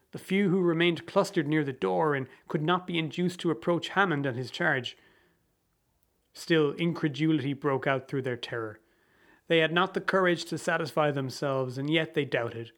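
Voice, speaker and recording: A man reading a story aloud as a dramatic audiobook narration, with a measured, theatrical delivery. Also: a little high.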